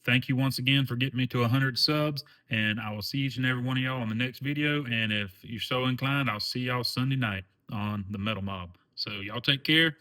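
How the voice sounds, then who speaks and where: A man's voice: mid-range voice, a little fast, few pauses, bright, forceful tone. A man with a Southern US accent hosting his own channel, talking in a folksy, earnest way with lots of fillers. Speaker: channel host. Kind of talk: casual vlog chat.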